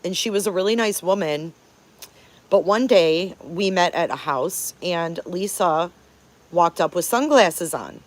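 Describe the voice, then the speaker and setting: Animated but unhurried, a fairly low-pitched woman's voice carries a live-stream storytelling chat. She's in her fifties, hails from Detroit, and hosts the channel with a candid, emphatic, profane style.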